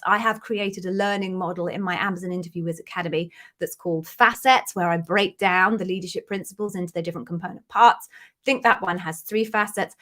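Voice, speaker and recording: A woman's voice: medium pitch, a bit bright. A British woman, middle-aged, hosting a live-stream question and answer session as an interview coach, chatty and effusive as she greets viewers by name. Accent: British English. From Britain.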